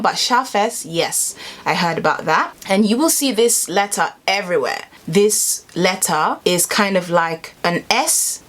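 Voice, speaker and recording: Chatty young woman vlogging. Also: medium pitch. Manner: chatty, animated, rambling. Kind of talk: casual vlog talk to camera.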